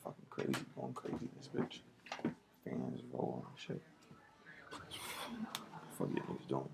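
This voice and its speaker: A man filming himself waking his roommates in an apartment, loud and taunting, repeating himself and swinging between shouting and muttering. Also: a bass voice, wildly swooping pitch, unhurried, gravelly, heavy background noise. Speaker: roommate filming a wake-up prank. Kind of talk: loud profane teasing vlog. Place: apartment indoors. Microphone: handheld phone camera.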